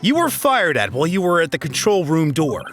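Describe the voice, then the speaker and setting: A man's voice: fairly high pitch, wildly swooping pitch, fairly quick, fairly bright tone, soft background music. A man reading as an earnest defense attorney. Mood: probing. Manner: earnest courtroom reading of game lines. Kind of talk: dramatic reading of game dialogue.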